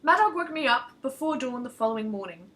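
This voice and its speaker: A woman author reading her own short story aloud in lively first-person narration. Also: high-pitched, fairly quick.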